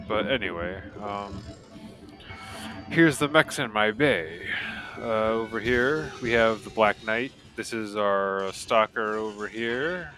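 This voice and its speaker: A man giving casual, excitable gameplay commentary with many fillers. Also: on the low side. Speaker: gameplay video creator. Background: loud game music.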